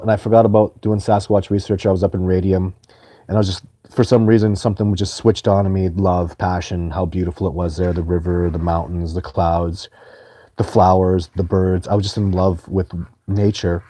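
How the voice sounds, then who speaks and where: Man, deep voice, mellow tone, casual live chat, earnest and rambling. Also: dry recording. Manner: earnest, rambling, many restarts. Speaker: live stream host answering viewer questions.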